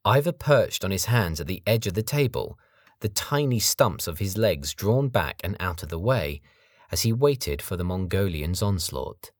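Male audiobook narrator, very low voice, steady measured reading, dry close sound. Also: dry recording. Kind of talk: scripted narration.

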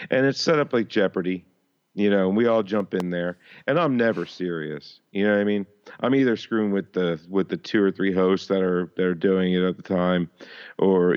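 A man's voice: sits low, clean tone, lo-fi sound. Rambling, profane podcast guy. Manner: rambling, profane, self-mocking. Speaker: podcast co-host. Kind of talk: casual chat.

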